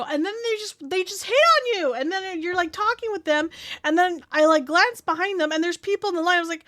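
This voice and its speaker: High-voiced rambling woman streamer. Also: brisk, a bit bright, no echo, clean studio sound. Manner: rambling, heavy filler words, swearing. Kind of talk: casual live-stream chat.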